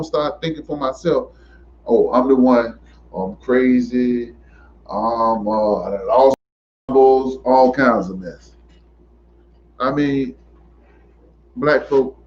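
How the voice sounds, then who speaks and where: A man speaking in an emphatic, preachy monologue, hammering his points through repetition and pushing his voice up toward near shouts. His pitch sits mid-range for a man. The recording sounds dull and lo-fi, with a faint hum of ambience underneath. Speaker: commentator. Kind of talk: impassioned monologue to camera.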